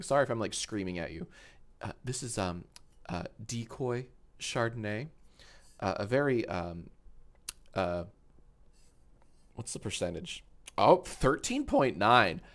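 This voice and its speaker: A man's voice: lowish voice, a bit bright. Give me a tipsy man in his thirties, rambling and cursing through a casual live stream. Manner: rambling, profane, joking. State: tipsy from wine. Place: home studio with green screen.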